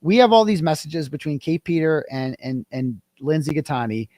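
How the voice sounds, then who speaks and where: A man, a guest in an interview, telling a story in a casual, animated way and acting out the quoted dialogue. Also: on the high side, moderate pace, no echo, clean studio sound.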